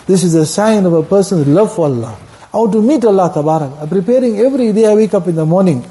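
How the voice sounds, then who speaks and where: Fast, high-voiced man preaching a sermon. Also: lively intonation, dark tone. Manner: impassioned storytelling, mixing English with Arabic phrases and Quranic recitation.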